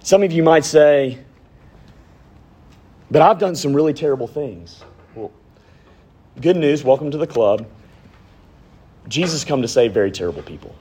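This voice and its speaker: A man in his thirties, a pastor preaching a sermon, swinging from raised emphasis down to hushed, near-whispered lines. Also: mid-range voice, slight background noise.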